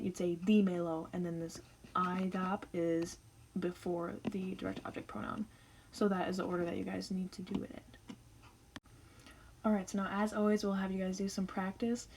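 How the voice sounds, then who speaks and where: A woman's voice: medium pitch, a little mellow, a little hiss or hum, rough recording. A young woman teaching Spanish grammar in a casual, chatty explainer style, walking through each step.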